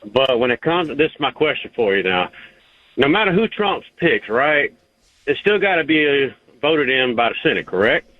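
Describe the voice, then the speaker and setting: A man's voice: medium pitch, very animated, normal speed, dry recording. Southern man calling in over the phone. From Georgia, US. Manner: casual, folksy, repeats words. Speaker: caller. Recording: tinny phone line.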